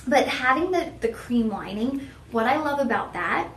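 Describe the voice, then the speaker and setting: A woman's voice: sits high, animated, normal speed, slight background noise. Chatty, roomy-sounding shopping host woman. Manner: chatty and self-teasing, talks straight to viewers. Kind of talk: live shopping presentation.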